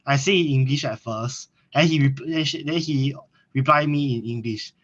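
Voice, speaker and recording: A man's voice: medium pitch, normal speed. A young man, talking hesitantly with many fillers in a casual chat. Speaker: student. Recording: dull lo-fi sound.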